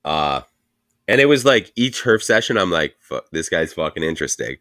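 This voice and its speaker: Low-voiced man telling a rambling story. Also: sing-song, moderate pace, fairly bright tone, dry recording, clean studio sound. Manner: rambling profane storytelling, laughing often. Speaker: podcast co-host. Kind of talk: casual podcast chat.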